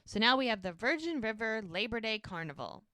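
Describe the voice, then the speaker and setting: A woman co-hosting a podcast, casually recapping a TV episode and acting out the characters' lines in quick voices. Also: a little high, very animated, pushed and bright, no echo. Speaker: podcast co-host.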